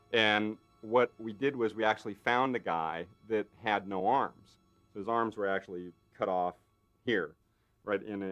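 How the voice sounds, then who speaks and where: A man, a special effects artist, telling lively stories in an interview, acting out the quotes and tagging lines with "right?". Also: on the low side. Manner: lively storyteller who acts out quotes; frequent fillers and tag questions. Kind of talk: anecdotal interview.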